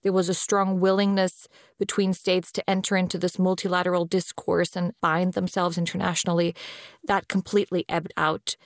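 Measured woman explaining space law. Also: fairly low pitch, flat delivery, dry recording, studio quality. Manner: deliberate, pausing between phrases. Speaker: space law official, interview guest. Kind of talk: measured explanatory interview talk. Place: based in Vienna.

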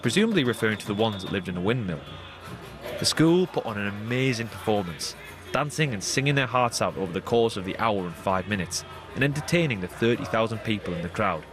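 A man's voice: fairly low pitch, expressive, fairly quick. A man presenting and narrating a radio documentary in a scripted, storytelling delivery. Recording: narration over music.

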